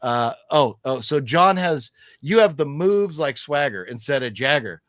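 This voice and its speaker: A man's voice: mid-range voice, lively intonation, unhurried, a bit bright, no echo, studio quality. A man hosting a casual live stream, chatting and reading viewer comments aloud with lots of fillers. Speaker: host.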